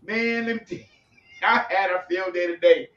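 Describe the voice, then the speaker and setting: A man's voice: high voice, normal speed, fairly bright tone. Distant roomy man, rambling chat. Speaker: podcast co-host. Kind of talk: casual chat. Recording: roomy, distant, dull lo-fi sound.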